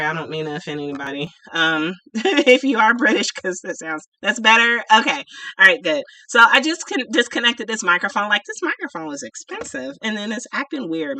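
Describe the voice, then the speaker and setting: A woman chats through a casual livestream Q&A with a bright, sharp tone, full of fillers, restarts and easy laughter. She sits back from her computer microphone, so she sounds a little distant, but the sound stays dry with no room echo. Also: medium pitch. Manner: chatty, laughs often, many fillers and restarts. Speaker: livestream host and spiritual shop owner. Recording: voice a bit far from the mic.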